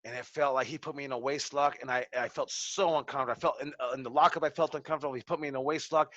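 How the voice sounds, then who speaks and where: A man's voice: on the high side, steady tone, fast talker, fairly bright tone, no echo, low-quality recording. A man in his forties coaching wrestling students in a loose, profane storytelling way, acting out quotes as he goes. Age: 40s. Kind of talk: casual classroom talk to students. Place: training school.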